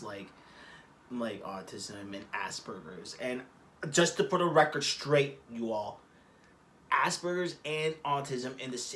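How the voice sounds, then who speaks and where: A man's voice: medium pitch, a bit bright, slight background noise. A man talking casually to camera from a room at home, rambling and cursing as he digresses. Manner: rambling, profane, restarts and digressions. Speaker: vlogger.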